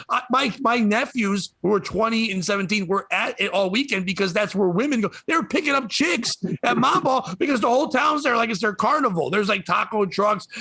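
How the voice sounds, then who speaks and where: A comedian telling a story on a podcast, swearing a lot and ranting with animated energy. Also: male voice, high-pitched, breathy edge, dry recording. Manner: profane, animated rant.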